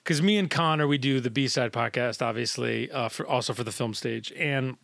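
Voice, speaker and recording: A man's voice: mid-range voice, moderate pace, vocal fry, fairly bright tone, no echo, studio quality. A man hosting a casual film podcast over a video call, rambling and cutting himself off, laughing easily. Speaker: podcast host. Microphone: video call recording.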